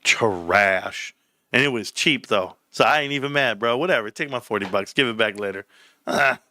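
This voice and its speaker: Bright-voiced man ranting on a livestream. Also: medium pitch, moderate pace, no echo, studio quality. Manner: animated, rambling, swears casually. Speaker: livestream host. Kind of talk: casual livestream chat. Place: home.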